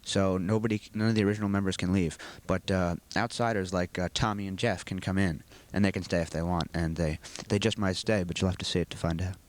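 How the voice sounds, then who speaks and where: A teenage boy with a fairly low voice answers questions for a school video. He talks earnestly and rambles through long explanations. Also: fairly even intonation, fast, few pauses, slight background noise. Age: teens. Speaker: student actor being interviewed.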